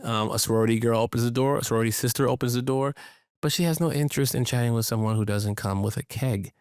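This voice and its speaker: A man's voice: fast, a little mellow, smooth, no room sound, clean studio sound. Playful slangy man podcast host. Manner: playful, slangy, jumps into high-pitched quoted voices. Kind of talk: casual chat recapping a sitcom episode.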